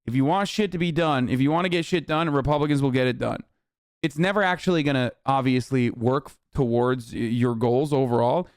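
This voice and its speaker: A man's voice: medium pitch, brisk, no room sound, studio quality. A man streaming to his chat, ranting angrily about politics with lots of swearing and sarcasm. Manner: profane, heated, sarcastic. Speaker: streamer reacting to news. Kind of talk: angry political rant to chat.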